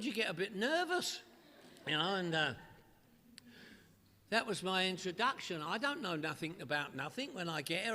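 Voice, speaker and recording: Bright-voiced London man, echoey hall. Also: high voice. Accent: London English. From northwest London. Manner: comic, repetitive punchline storytelling. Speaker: AA speaker. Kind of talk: humorous recovery talk to a meeting. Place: meeting hall.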